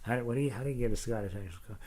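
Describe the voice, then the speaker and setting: A middle-aged ukulele teacher greets his class chat on a live stream, casually reading viewers' comments with lots of fillers and jokes, breaking into laughter and bits of song. His medium-pitched voice is warm, slightly rough, and rapid-fire.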